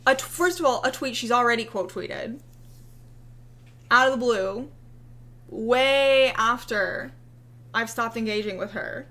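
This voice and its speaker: A young woman talks through her commentary with biting sarcasm, frequent swearing and bursts of laughter. Her voice sits fairly high, and she draws her words out at an unhurried pace. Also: fairly bright tone. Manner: sarcastic, profane, laughing, chatty. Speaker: commentary video host. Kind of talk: casual commentary.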